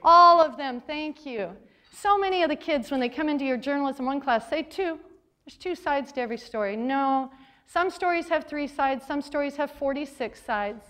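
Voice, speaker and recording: A middle-aged woman with a high, bright voice speaks to a hall of teachers. She teaches journalism and tells her stories lively, slipping into the voices of the people she quotes. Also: normal speed. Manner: lively storytelling with quoted dialogue. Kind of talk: conference talk to teachers. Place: forum hall.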